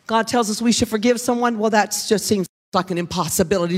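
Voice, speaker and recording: Folksy woman preaching with animated humor. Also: mid-range voice, quick pace. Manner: animated, chatty, folksy, addresses the room with questions. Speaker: pastor's wife preaching to a congregation. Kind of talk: humorous storytelling sermon. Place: church sanctuary with a live congregation.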